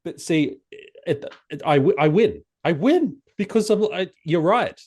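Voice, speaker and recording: A man speaking as a podcast guest in casual chat, animated and halting, acting out quoted exchanges in a raised voice. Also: high voice, husky. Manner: halting, frequent restarts.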